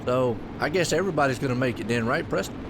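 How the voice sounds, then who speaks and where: A man calling a sim racing event, excitable and folksy, with loud bursts on big moves. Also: mid-range voice, fast, noisy background. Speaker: race commentator. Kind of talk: sim racing play-by-play commentary.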